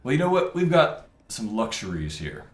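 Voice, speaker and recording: A man's voice: mid-range voice, sing-song, moderate pace. A man casually commentating a video game, thinking aloud and muttering over his tactics as he plays. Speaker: gameplay commentator. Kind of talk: casual let's-play commentary. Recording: roomy mic with game music behind.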